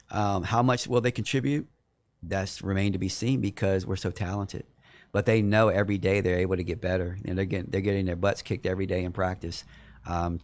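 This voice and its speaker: A man's voice: low-pitched, darkish tone. A middle-aged man, a head basketball coach, answering podcast questions in an earnest way and often repeating words as he builds a point. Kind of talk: podcast interview.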